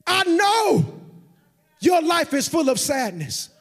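A man, a senior pastor, preaching a sermon in a church sanctuary, moving between shouted and sung cadences and calling out to the congregation. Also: extremely high pitch, very animated, slow, gravelly, long reverb tail. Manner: calls to the congregation.

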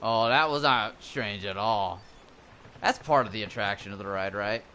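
A man's voice: lowish voice, normal speed, bright, forceful tone, slight background noise. A young man in his twenties cracking offhand jokes while streaming a horror game, swearing now and then. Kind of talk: casual joking commentary. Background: music.

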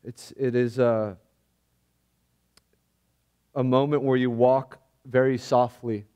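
A pastor preaching a sermon, earnest and reflective, often pausing and halting as he speaks. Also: medium pitch, level tone, mellow, clean tone. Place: church.

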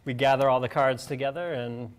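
A man's voice: medium pitch, steady tone, brisk. A man, a musician guest on morning TV, explaining how the show works in a matter-of-fact way. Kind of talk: casual TV chat.

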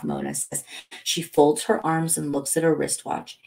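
A woman reading a novel aloud as a calm bedtime story, lifting her voice for the characters' lines. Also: sits low, measured pace, gravelly. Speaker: audiobook reader.

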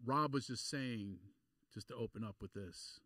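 A man from Philadelphia hosting a podcast, chatting in an animated, joking way. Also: mid-range voice, normal speed, no room sound. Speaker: podcast host and comedian. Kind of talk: casual interview chat.

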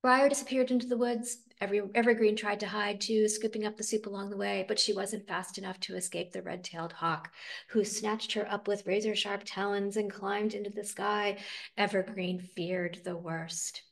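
Woman reading a picture book aloud, gravelly. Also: medium pitch, normal speed. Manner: expressive, dramatic storytelling. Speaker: storybook reader.

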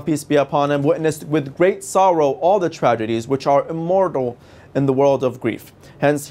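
A man presenting a religious television series, giving a formal, measured and reverent scripted lecture. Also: on the high side, a little mellow.

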